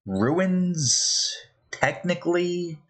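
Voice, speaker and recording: A man's voice: sits high, expressive, extremely slow, fairly bright tone, low-quality recording. A man, a game developer, thinking aloud as he builds, muttering hesitantly and questioning himself.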